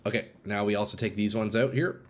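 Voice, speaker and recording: A man's voice: lowish voice, fairly even intonation, fast talker, slight background noise. A man streaming a game live, chatting casually with viewers and reading their messages aloud, with sudden bursts of hype, on a desk microphone at his home gaming setup. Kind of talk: live-stream commentary while playing.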